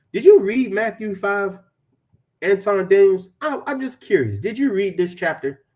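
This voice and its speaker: A man's voice: sits high, very animated, unhurried, a little mellow. A man hosting a reaction commentary, indignant and preachy, mixing loose slang with chuckling asides and scripture readings. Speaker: commentary channel host.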